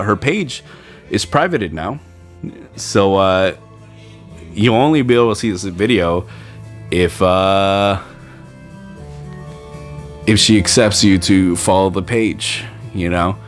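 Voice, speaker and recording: Guy with a lowish voice rambling on his podcast, bits of music under him. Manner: animated storytelling, acts out quoted people in raised voices. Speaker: podcast host. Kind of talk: casual solo podcast chat.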